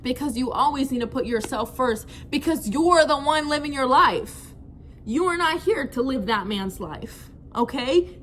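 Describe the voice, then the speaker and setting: A young woman vlogger with a fairly high voice, talking straight to her viewers in a frank, slangy way. She leans on "like" and "bro" as she goes, and a faint hiss runs under the recording. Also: measured pace. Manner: animated, frank, slangy, many fillers like "like" and "bro". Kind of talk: casual storytime chat.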